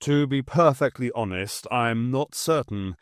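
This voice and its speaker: A man voicing a guarded country doctor in an audiobook, measured and cautious. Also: mid-range voice, clear, resonant tone, no room sound, studio quality, natural voice.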